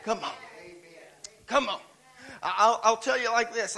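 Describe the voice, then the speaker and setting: A man's voice: very high voice, measured pace, creaky, pauses often, bright, forceful tone, poor audio. A man preaching as a guest in a church, driving his points with repeated rhetorical questions and calls of "come on". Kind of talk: sermon.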